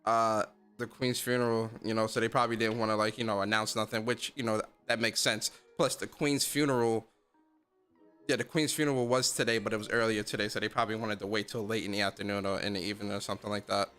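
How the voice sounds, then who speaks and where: A man's voice: fairly low pitch, fairly even intonation, quick pace, fairly bright tone, clean tone, soft background music. A man hosting a casual gaming livestream, speaking in loose slang and getting fired up as he talks straight to his chat. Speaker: gaming streamer and podcast host.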